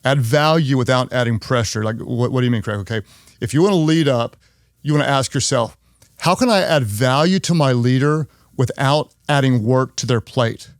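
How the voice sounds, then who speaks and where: A middle-aged man leads a leadership podcast as its host, with a voice of ordinary pitch for a man. He talks earnestly and says his key lines twice to drive them in. The sound is dry and close, with no room around it. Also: normal speed, no room sound. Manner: earnest, repeats key phrases for emphasis; acts out quoted people in higher voices. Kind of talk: leadership teaching talk.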